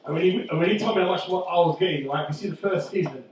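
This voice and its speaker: A middle-aged man doing stand-up comedy, loud and swearing as he teases the crowd. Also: high-pitched, recorded from a distance. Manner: loud, swearing, teasing banter. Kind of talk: stand-up comedy with audience banter. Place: indoor comedy venue. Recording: echoey room, voice from afar, faint noise.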